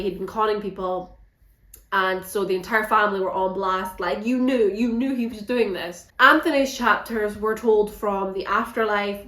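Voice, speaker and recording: A woman chatting through her monthly reads in a frank, animated vlog, not shy about swearing. Her voice sits in a middle pitch and carries a noticeable echo from the room. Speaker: book reviewer. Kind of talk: casual monthly book wrap-up vlog.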